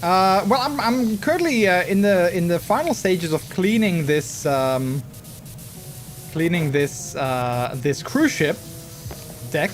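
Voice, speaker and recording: Man, live streamer, slightly high voice, rambling chatty talk, hiccups, faint music behind. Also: animated, slow pace. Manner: rambling, chatty storytelling with many restarts. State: has the hiccups. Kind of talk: casual live-stream chat.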